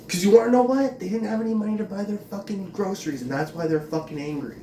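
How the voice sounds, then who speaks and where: A man's voice: high-pitched, expressive, fast talker, hardly any pauses, a little mellow, slight background noise. A man in a profane, agitated, rambling rant, filling his talk with "like". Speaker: vlogger. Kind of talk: ranting monologue. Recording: roomy, distant from mic, faint ambience.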